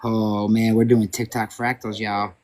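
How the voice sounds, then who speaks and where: A man's voice: lowish voice, flat delivery, unhurried, darkish tone. A man co-hosting a live stream in casual chat, joking, swearing often and laughing at himself.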